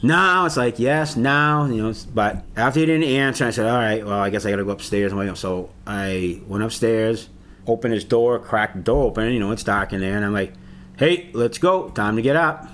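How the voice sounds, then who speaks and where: A middle-aged man, a bereaved father, recalling a hard morning in an interview, halting and repeating himself. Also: fairly low pitch, fairly bright tone. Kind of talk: interview recollection.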